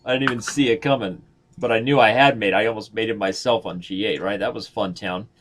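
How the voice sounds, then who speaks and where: A man's voice: lowish voice, fairly even intonation, a little fast, a bit bright. A man in his thirties giving casual, joking live-stream commentary as he plays, thinking aloud and mocking his own moves. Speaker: chess streamer.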